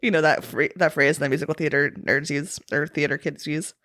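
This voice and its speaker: Podcast guest, young woman, lower pitch, chatty and dramatic. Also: steady tone, brisk, a bit bright. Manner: chatty, dramatic asides, frequent likes. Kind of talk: casual chat.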